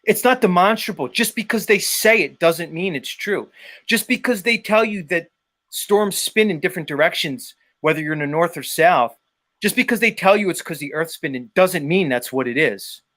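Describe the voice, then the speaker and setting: A man's voice: high voice, lively intonation, normal speed, a bit bright. Combative, profane male streamer. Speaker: livestream host. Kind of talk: ranting commentary.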